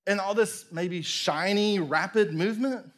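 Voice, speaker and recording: A man preaching a sermon, telling the story with animated acted-out voices and sudden drops to a near whisper. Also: sits high, a little slow. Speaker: pastor.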